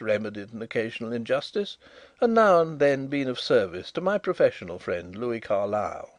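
A man reading the part of a shrewd, good-humoured gentleman detective who speaks with assured, measured courtesy. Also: mid-range voice, dry recording, lightly acted.

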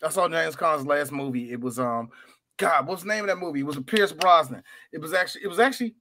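A man's voice: a little high, fast, pushed and bright, a little hiss or hum. A man co-hosting a podcast, chatting casually about movies, laughing often and mimicking people. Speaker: podcast co-host.

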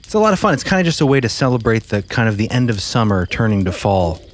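A man's voice: lowish voice, sing-song, quick pace, a crowd in the background. A man co-hosting a podcast in casual chat, joking and laughing easily. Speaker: podcast co-host.

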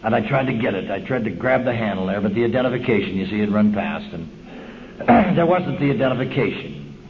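A man's voice: on the low side, animated, fairly quick. Folksy storytelling man on old tape. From Southern California. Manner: folksy, streetwise storytelling with quoted voices. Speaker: speaker at a recovery meeting. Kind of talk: personal testimony talk. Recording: lo-fi 1970s tape recording, hissy.

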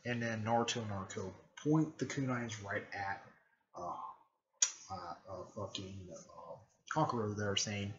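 A man with a fairly low voice talks through a story recap in a loose, meandering way, stopping for fillers and repeated throat clearing. The recording is dull and lo-fi. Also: steady tone, fairly bright tone. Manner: halting, full of fillers and frequent throat clearing. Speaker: video creator recapping a fan series. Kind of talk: rambling casual recap.

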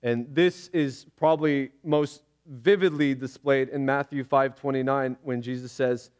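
A man preaching a sermon as pastor in a church, talking in a casual, animated way with laughs and restarts. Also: mid-range voice, a little slow, clear, resonant tone. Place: church sanctuary.

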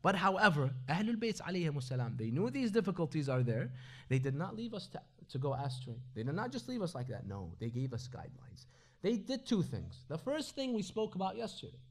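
A man's voice: fairly high pitch, sing-song, fairly quick. A man giving a Ramadan religious lecture at an Islamic centre, moving between recited Arabic sayings and English explanation with rhetorical questions.

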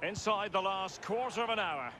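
A football play-by-play commentator. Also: male voice, high-pitched, sharp tone, a little hiss or hum. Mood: calm. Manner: measured play-by-play calling names. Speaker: match commentator. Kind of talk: sports commentary.

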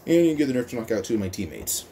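A man's voice: medium pitch, huge pitch swings, racing, mellow, slight background noise. A man voicing an angry teenage boy hero in his own plain storytelling voice, with stumbling restarts. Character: boastful teen boy hero, angry fighter.

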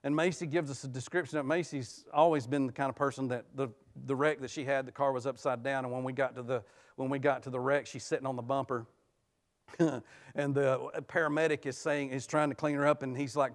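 Man preaching a sermon in a church. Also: a little high. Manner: conversational preaching with sudden loud rises; tells personal family stories, laughs often. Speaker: guest preacher. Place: church sanctuary.

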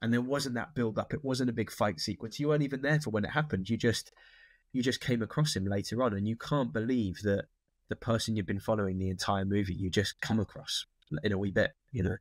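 A man chats as an interview guest, his voice sitting low and recorded close and dry. He wanders through his thoughts, restarting sentences as he goes. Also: brisk, dry recording. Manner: thoughtful, rambling with many restarts. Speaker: actor guest. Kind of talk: casual interview chat.

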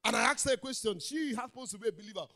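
A man with a Nigerian English accent preaches to a congregation in a church auditorium. His voice sits high and bright, and it swings widely in pitch. He calls out to the crowd and climbs into shouted lines. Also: expressive, very fast. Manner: preaching with crowd call-outs, swelling into shouts. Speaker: pastor. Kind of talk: sermon.

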